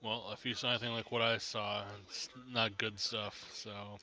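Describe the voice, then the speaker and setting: Low, flat male player, bright tone, laid-back and halting. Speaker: tabletop game player. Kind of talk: casual tabletop role-play talk.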